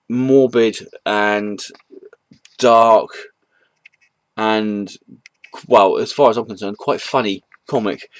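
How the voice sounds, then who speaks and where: A man with a lowish voice talks through a comic book's plot in an easygoing, meandering way. He stops often on ums and restarts, and chuckles at the gags he retells. The sound is close and dry. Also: no echo. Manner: rambling, hesitant retelling with frequent ums. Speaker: comic book reviewer. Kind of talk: casual spoken review.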